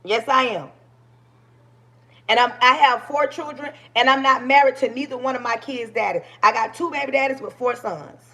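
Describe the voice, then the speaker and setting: Woman in her forties, high-pitched voice, passionate livestream talk, preachy, straight into a phone. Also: moderate pace, sharp tone. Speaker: livestream host.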